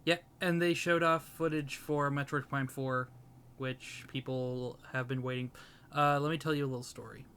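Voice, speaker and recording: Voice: medium pitch, steady tone, moderate pace, a bit bright, a little hiss or hum. A podcast co-host in casual chat who laughs often and rambles through stories.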